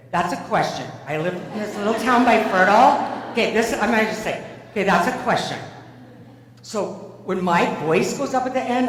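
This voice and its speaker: A middle-aged woman delivers a funny motivational keynote, teasing herself and acting out little scenes. Her voice booms around a cavernous hall with a long echo, caught from well back on the mic over a faint hum. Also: far from the mic. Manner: playful, self-mocking storytelling with acted-out dialogue. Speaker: keynote speaker. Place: large conference hall.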